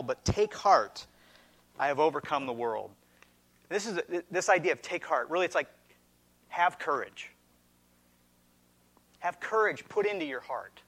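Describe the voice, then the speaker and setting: A middle-aged male pastor delivering a sermon in a slightly higher voice. He speaks earnestly and with emphasis, and at times his voice sinks into gentle, quiet reassurance.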